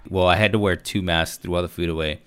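Deep-voiced crude laid-back man. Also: steady tone, fast, heavy background noise. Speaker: podcast co-host. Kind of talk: casual chat.

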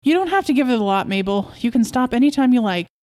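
A woman puts on an excitable middle-aged husband who keeps pressing and boasting, his voice pushed higher and louder than a plain reading voice. Insistent and wheedling, he is a figure from a read-aloud story. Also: fast talker, natural voice. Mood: coaxing.

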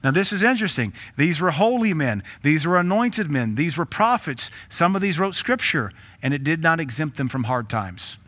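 Blunt, bright-voiced pastor preaching. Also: male voice, fairly high pitch, big pitch swings, normal speed, hardly any pauses. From Tennessee. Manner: blunt, humorous preaching with rhetorical questions; laughs between points. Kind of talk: sermon.

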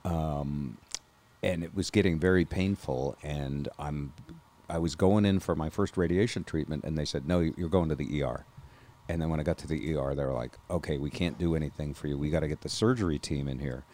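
Deep-voiced man telling a story from bed. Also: a little fast, a little mellow. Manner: rambling, self-deprecating, acts out other people's lines. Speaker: podcast host. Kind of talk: casual storytelling chat. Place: adjustable hospital-type bed. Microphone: unfamiliar microphone.

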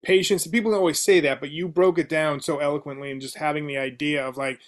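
Enthusiastic podcast host, slightly higher voice. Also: male voice, steady tone, fast talker. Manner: enthusiastic, casual, says "man" and "like" often. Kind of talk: conversational interview.

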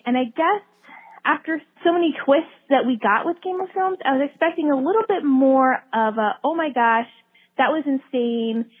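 A woman's voice: high voice, slightly rough. A woman from New Jersey leaving a thoughtful phone message, searching for her words. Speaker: caller. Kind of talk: voicemail message. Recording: tinny phone line.

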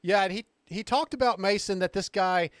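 A man hosting a casual podcast, excitable and rambling, who swears freely. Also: high voice, fairly quick, no echo. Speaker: podcast host.

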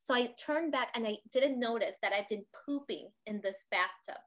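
A woman with a high voice telling a personal story as an interview guest. She is expressive and animated. She keeps checking in with her listener with a quick "right?" and slips into the voices of the people she quotes. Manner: expressive, tags sentences with "right?".

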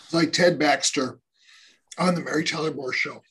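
A man's voice: on the high side, moderate pace, a bit bright. A man co-hosting a podcast, reading listener comments in a matter-of-fact way. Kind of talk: casual podcast banter.

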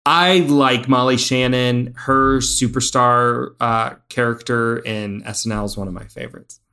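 A man co-hosting a casual film review podcast, animated and heavy on fillers and restarts. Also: medium pitch, measured pace, smooth. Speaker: podcast co-host.

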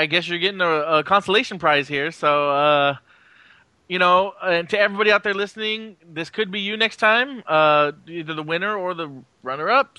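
A man hosting a podcast, talking casually with frequent fillers and pauses. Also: high-pitched, dry recording. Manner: relaxed, halting with fillers. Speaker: podcast host.

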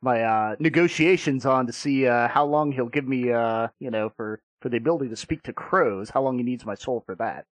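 A man's voice: mid-range voice, brisk, few pauses, no room sound. A man hosting a tabletop gaming podcast who chats casually, laughs easily and stumbles over his words. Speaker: podcast host.

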